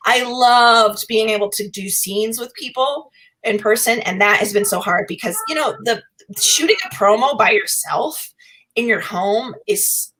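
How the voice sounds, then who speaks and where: A woman's voice: fairly high pitch, unhurried, a bit bright, low-quality recording. A young woman, a podcast guest, chatting casually, rambling and laughing often as she talks in circles.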